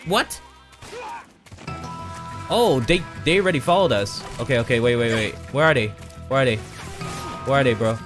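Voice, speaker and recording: A gaming streamer with a medium-pitched voice talks at a moderate pace with long pauses, rambling through casual commentary from a home room with a TV. He puts himself down and pleads with an in-game companion. His desk mic sits on an arm, and game music plays in the background.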